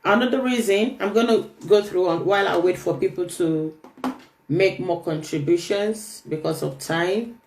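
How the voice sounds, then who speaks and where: A woman's voice: lowish voice, normal speed, a little mellow. A woman hosting a live-stream talk, speaking earnestly to her viewers and often repeating her points. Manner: earnest, repeats phrases, addresses viewers directly. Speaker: host. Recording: echoey room.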